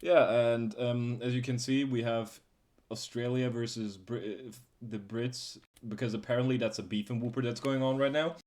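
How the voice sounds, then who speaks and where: A man's voice: mid-range voice, fairly even intonation, normal speed, a little mellow. A young man hosting a casual podcast, laid-back and swearing now and then as he explains how things work. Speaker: podcast host.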